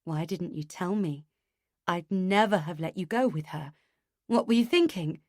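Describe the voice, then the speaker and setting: A woman reading an audiobook, voicing a firm, reassuring man who talks in a calm, logical way. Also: on the low side, measured pace, no room sound, clean studio sound.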